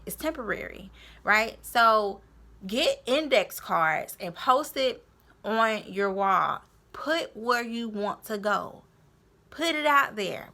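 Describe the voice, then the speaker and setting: A young woman talks straight to her viewers in a motivational vlog, encouraging them and circling back to repeat her main points. Her voice is bright and forward, with a clear, ringing edge. She stays in the middle of the female range. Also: medium pitch. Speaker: vlogger. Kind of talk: motivational tips talk to camera.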